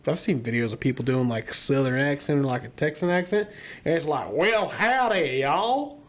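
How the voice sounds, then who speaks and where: A man's voice: mid-range voice, fairly quick. A man co-hosting a casual podcast, joking crudely and laughing often. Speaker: podcast co-host. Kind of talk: casual chat.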